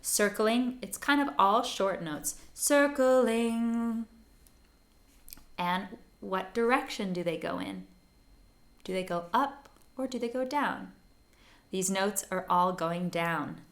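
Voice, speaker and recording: Casting: female songwriting teacher, unhurried and clear, bright tone, gently sings examples. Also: mid-range voice, lively intonation. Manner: patient and encouraging, sings short phrases to demonstrate. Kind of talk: gentle step-by-step lesson for learners.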